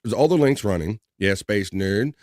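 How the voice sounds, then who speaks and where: A man's voice: fairly low pitch, animated, normal speed, a little mellow, no echo, clean studio sound. A man hosting a live stream, casually reading out chat messages with loose slang and frequent laughter. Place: home streaming setup.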